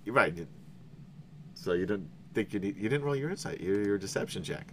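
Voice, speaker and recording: A man's voice: lowish voice, lively intonation, fairly quick, fairly bright tone, a little hiss or hum. A man hosting a tabletop game stream, teasing his players and laughing as he signs off. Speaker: game master and stream host. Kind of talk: casual stream sign-off chat.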